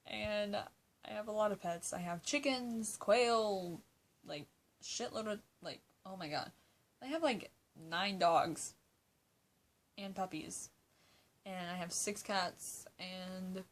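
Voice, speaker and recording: An eighteen-year-old woman talking through a casual question-and-answer vlog at an unhurried pace. Her pitch is middling. She rambles easily, swears freely, laughs often and leans on "like" a lot. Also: fairly bright tone. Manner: chatty, swears, laughs often, many "like" fillers. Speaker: YouTuber answering fan questions.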